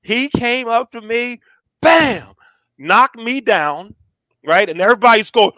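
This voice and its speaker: A man's voice: very high-pitched, a little slow, no echo. An older man casually telling stories from his youth, acting out the people he quotes. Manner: animated storyteller acting out quotes. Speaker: storyteller guest.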